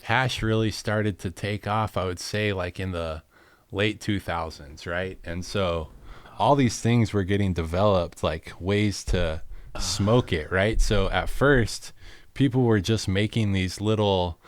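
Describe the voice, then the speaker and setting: A man with a low voice talks through his craft in a relaxed, rambling way. He leans on fillers like "like" and "you know". The sound is dry and close. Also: unhurried, no room sound. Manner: easygoing, explaining with lots of fillers. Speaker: glassblower guest. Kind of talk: casual chat.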